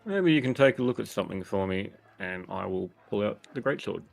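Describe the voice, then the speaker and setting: A man's voice: fairly low pitch, expressive, fairly quick, gravelly, soft background music. A man playing a tabletop game, laid-back and a little hesitant. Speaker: player.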